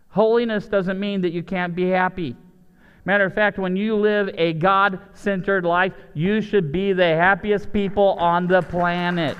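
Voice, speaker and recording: Pastor man, high smooth voice, big echoey church hall sound, storytelling with energy. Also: highs cut off. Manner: animated storytelling, shifts from excited highs to low asides. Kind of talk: lively sermon with acted-out voices.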